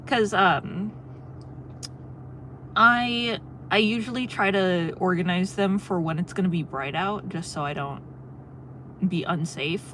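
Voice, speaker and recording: A woman's voice: lowish voice, slow, pauses often, a bit bright, a little hiss or hum. A young woman on a livestream, chatting casually, reading chat and telling a long story with frequent laughs. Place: in a car on a road trip.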